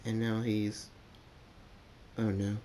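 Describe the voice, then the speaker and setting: A man's voice: fairly low pitch, completely flat delivery, slow, mellow, a little hiss or hum. A man voicing a studious female pony princess, earnest and worried as she explains. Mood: grave.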